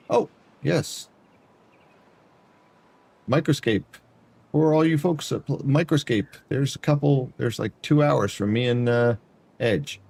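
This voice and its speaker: A man's voice: mid-range voice, slow, creaky, pauses often, a little mellow, breathy edge. A man streaming a building game, chatting casually and talking to viewers by name as he plays. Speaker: variety streamer. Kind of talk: casual gameplay commentary.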